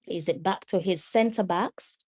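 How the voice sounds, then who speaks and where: A woman streams live match commentary in a loose, conversational way, talking straight into her microphone. She is chatty between plays and breaks into loud, exasperated exclamations when the action turns. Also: on the low side, measured pace, slightly rough. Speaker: watch-along match commentator.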